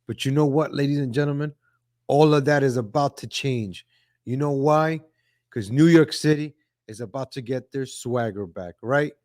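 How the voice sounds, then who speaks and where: A man hosting a casual political commentary livestream, talking in a chatty, repetitive way, greeting viewers from the chat and often saying "ladies and gentlemen". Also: mid-range voice, normal speed, no room sound, clean studio sound. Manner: reads viewer chat names aloud. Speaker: livestream host.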